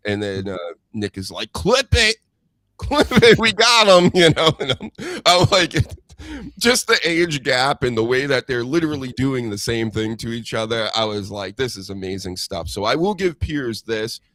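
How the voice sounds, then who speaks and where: Male host, loose rambling chatter, mid-pitched voice, dry close recording. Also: expressive, a bit bright, no echo. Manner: rambling, chatty, drawn-out storytelling. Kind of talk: casual podcast chat.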